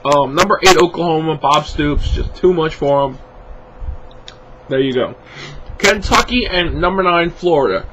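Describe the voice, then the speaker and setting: A man's voice: fairly high pitch, muffled recording, noisy background. A man casually rambling through his football picks, tired and yawning, with lots of fillers and restarts. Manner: rambling, many fillers, self-correcting. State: sleepy, yawning. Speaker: sports vlogger making picks. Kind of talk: casual spoken predictions.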